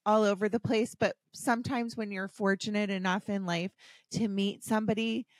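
A woman's voice: medium pitch, fairly even intonation, normal speed, no room sound. A woman hosting a podcast interview, talking in an emotional and eager way. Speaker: podcast host.

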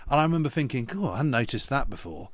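Man, earnest storyteller, mid-pitched voice, dry close sound. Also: sing-song, quick pace, no room sound. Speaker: historian and podcast co-host. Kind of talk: conversational anecdote.

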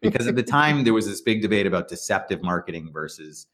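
Animated and speaking quickly, a middle-aged man who founded a startup and serves as its CEO tells stories as an interview guest, rambling, restarting and performing the dialogue he quotes. His voice leans low, with a fairly bright tone.

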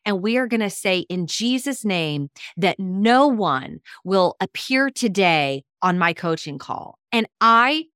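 Woman co-host, lively storyteller, acts out dialogue, dry close sound. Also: mid-range voice, takes it slowly, few pauses, clean tone, no echo. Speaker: co-host and coach. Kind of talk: casual podcast storytelling.

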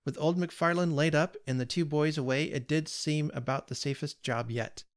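A man's voice: fairly high pitch, fairly even intonation, normal speed, voice pushed up, natural voice. A man reading aloud, voicing a talkative, earnest male burglar who pleads and explains himself with odd cheer. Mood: pleading. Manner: earnest, pleading, lightly pompous.

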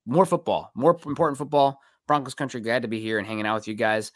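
A man's voice: medium pitch, steady tone, fast, dry recording, clean studio sound. A man hosting a casual sports podcast, loose and rambling, thanking listeners by name. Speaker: podcast host.

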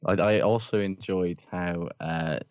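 Co-host, man, very deep voice, wry and dry, muffled recording. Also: steady tone, unhurried, dry recording. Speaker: podcast co-host.

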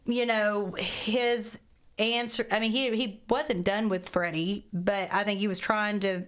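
A woman's voice: medium pitch, steady tone, a little slow, fairly bright tone, clean tone. A woman co-hosting a podcast, chatting loosely about a film and hedging her opinions. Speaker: podcast co-host. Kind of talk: casual podcast chat.

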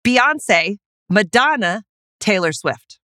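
A woman co-hosting a podcast in casual chat, bubbly and quick to laugh. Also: expressive, sharp tone, no echo, clean studio sound. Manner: bubbly, giggly, high-pitched exclamations. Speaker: podcast co-host.

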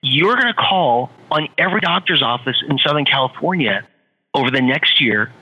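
A middle-aged man tells his story with lively swings in pitch and a very bright, husky tone. He repeats phrases for effect, and his voice rings with a long, roomy reverb. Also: moderate pace, highs cut off. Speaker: guest, author and entrepreneur. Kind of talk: storytelling in an interview.

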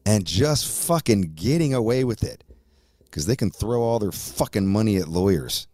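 A male podcast host with a low voice who rants angrily and swears constantly. The sound is dry and close on a studio mic. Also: sing-song, normal speed, darkish tone, no echo. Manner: profane, angry ranting. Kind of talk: ranting podcast talk.

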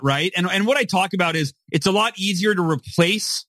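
A man in his forties guests on a podcast as an author, his voice high, expressive, fairly quick and sharp, with no room sound. He explains things emphatically in a motivational way, repeatedly closing his points with "right?"

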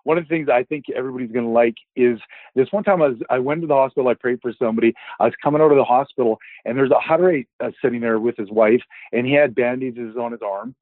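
With a medium-pitched voice and a fast delivery, a man recounts a Christian healing testimony, rambling casually and performing the dialogue himself. There's no echo, just a dry, tinny phone-line sound.

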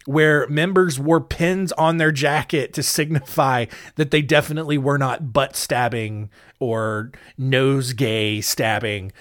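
A man's voice: mid-range voice, fairly even intonation, unhurried, hardly any pauses, fairly bright tone. A man hosting a podcast, telling strange history stories in a joking, rambling way with many asides and ums. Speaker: podcast host. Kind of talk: comedic history storytelling.

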